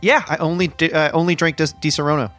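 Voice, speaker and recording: A man's voice: on the high side, fairly even intonation, fast talker, a bit bright, soft background music. A man co-hosting a comedy podcast in a laid-back, self-assured and offhand way. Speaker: podcast co-host. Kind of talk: deadpan comedic podcast banter.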